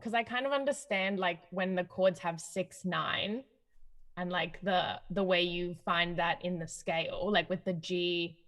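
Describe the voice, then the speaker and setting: Slow, low-voiced woman asking hesitantly. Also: fairly bright tone. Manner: hesitant, full of likes. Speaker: student. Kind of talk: asking questions in a live lesson.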